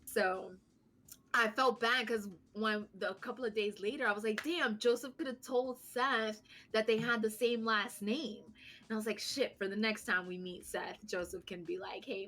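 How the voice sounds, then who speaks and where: A woman's voice: medium pitch, fairly even intonation, normal speed, a bit bright. A woman in her thirties co-hosting a podcast, telling a story in casual chat, acting out quotes and laughing as she goes. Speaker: podcast co-host.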